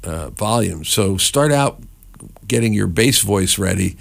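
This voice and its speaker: A man's voice: lowish voice, expressive, a little slow, creaky. A middle-aged man from New Jersey hosting a radio show, chatting casually and rambling between songs with many fillers. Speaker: radio host.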